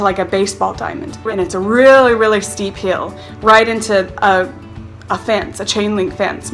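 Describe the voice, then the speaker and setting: Bright, animated young woman storyteller. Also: on the high side. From North Carolina. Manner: animated, self-mocking, acts out quotes. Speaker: vlogger. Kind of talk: casual storytelling to camera.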